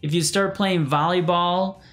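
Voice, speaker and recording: A man's voice: high voice, steady tone, measured pace, fairly bright tone. A man hosting a live show, talking casually and rambling with frequent restarts, speaking straight to his viewers. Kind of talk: casual live-stream talk.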